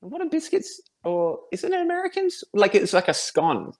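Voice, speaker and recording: A man's voice: sits high, huge pitch swings, moderate pace. An Australian man, a guest in a casual interview, talking in a rambling, friendly way and chuckling often.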